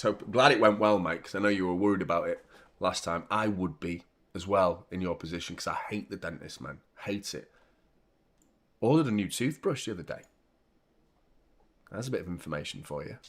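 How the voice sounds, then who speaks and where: Excitable man reacting to football. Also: sits low. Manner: laid-back chat that jumps to loud excited reactions. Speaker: watchalong host. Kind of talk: live football watchalong commentary.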